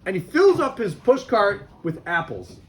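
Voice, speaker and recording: A rabbi teaches a class of boys in a lively, high-pitched voice that swoops widely. He tells his story animatedly, often restarting and repeating phrases. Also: normal speed, slight background noise.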